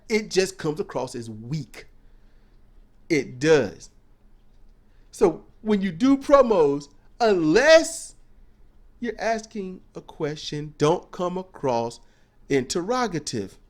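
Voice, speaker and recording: High, lively-voiced blunt man. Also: takes it slowly, long pauses. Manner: blunt, preachy, swears freely. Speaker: co-host commentator. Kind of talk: casual opinion commentary.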